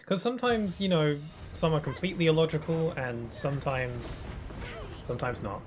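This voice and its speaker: A man's voice: fairly high pitch, moderate pace, noisy background. A man with a British accent, a gaming streamer, musing casually with rambling fillers while he plays.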